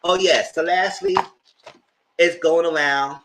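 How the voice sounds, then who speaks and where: A man hosting a live TV review, chatting casually in a blunt, slangy, animated way. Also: on the high side, slow pace, background noise. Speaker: host of a TV review channel.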